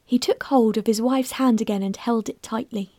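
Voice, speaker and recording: A woman narrating a mystery story in a steady, measured reading voice. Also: fairly high pitch, no room sound, clean studio sound. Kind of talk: scripted narration.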